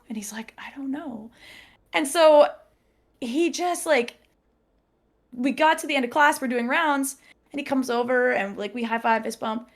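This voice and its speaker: Young woman chatting, kinda high voice, acts out all the quotes, laughs a lot. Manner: animated storyteller, acts out quotes, laughs often. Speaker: podcast guest. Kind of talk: casual chat, storytelling.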